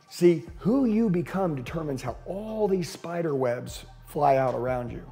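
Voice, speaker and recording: Male sales coach, fired-up and foul-mouthed, fairly high and warm, faint music underneath. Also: expressive, normal speed, creaky, few pauses. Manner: profane, intense, punchy. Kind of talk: motivational talk to an audience.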